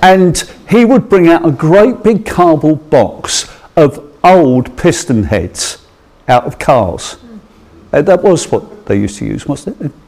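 A man's voice: a little high, expressive, takes it slowly, a little mellow. A middle-aged man from England giving an informal sermon, telling a school memory with hesitant restarts, chuckles and growing enthusiasm. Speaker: preacher. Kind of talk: anecdotal sermon.

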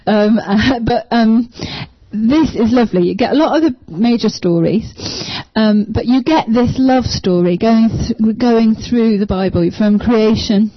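In a small church group, a woman gives a casual testimony about her faith, enthusiastic though hesitant, with many ums. Her voice is a little high, and the dull, lo-fi recording is dry with no echo.

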